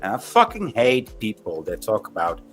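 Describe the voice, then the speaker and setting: A man as a panel guest in a casual chat, rambling and crude, with halting restarts. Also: on the low side, huge pitch swings, a bit bright, faint music behind.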